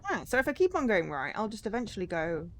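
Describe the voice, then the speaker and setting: A woman's voice: mid-range voice, very animated, fast talker, a bit bright, a little hiss or hum. A young woman chatting casually as she streams a game, musing aloud and answering her chat. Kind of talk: casual gameplay commentary.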